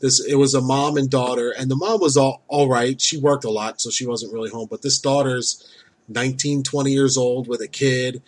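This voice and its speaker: A man's voice: mid-range voice, steady tone, normal speed. A man in casual chat, swearing often and venting in an exasperated way about his neighbors. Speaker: store worker.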